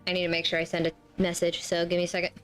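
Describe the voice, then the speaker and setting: A woman's voice: on the low side, monotone, rapid-fire, fairly bright tone, faint music behind. A woman chatting casually on a game stream in an offhand, matter-of-fact way.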